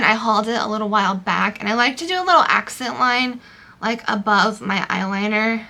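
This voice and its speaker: Bright-voiced chatty young woman. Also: mid-range voice, a little fast, vocal fry. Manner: chatty, loose, many fillers like "um" and "like". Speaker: beauty vlogger. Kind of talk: casual makeup tutorial chat.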